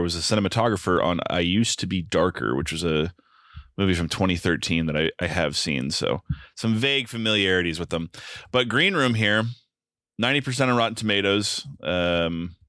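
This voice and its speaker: A low-voiced man co-hosting a casual podcast with a smooth, resonant tone. He talks in a dry, wry, joking way, trailing into ums now and then. The sound is close and dry. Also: fairly bright tone, no echo. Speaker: podcast co-host. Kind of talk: casual film-review chat.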